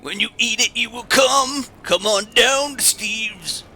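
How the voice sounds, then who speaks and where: A man doing a loud, hyped infomercial announcer. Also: faint music behind, exaggerated voice. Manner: drawn-out hard-sell pitch.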